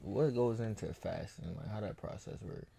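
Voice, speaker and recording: Low gravelly man asking curious questions. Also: moderate pace, dark tone, a little hiss or hum. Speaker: podcast co-host. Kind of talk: casual podcast chat.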